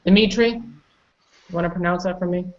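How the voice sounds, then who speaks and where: A woman's voice: lowish voice, fairly even intonation, brisk, muffled recording. A woman teaching English pronunciation, patiently correcting students and calling on them by name. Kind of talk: online pronunciation lesson.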